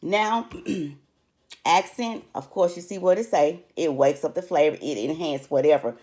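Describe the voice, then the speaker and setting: A woman's voice: low voice, unhurried, mellow. An older woman teaching a recipe in a chatty way, often calling her viewers honey. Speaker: home cook. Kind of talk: cooking tutorial.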